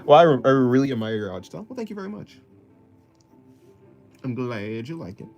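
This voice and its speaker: This young artist talks through his drawing stream at a slightly quick clip, his medium-pitched, darkish voice lilting in a sing-song way as he answers comments and jokes at his own expense with frequent laughter. Faint music plays behind the muffled audio.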